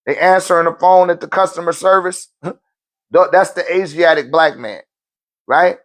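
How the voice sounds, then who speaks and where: Man, spiritual teacher, live-stream Q&A, slangy, preachy, fairly high voice. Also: steady tone, normal speed. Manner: preachy, checks in with listeners; loose, slangy street talk. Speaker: spiritual teacher answering viewer questions.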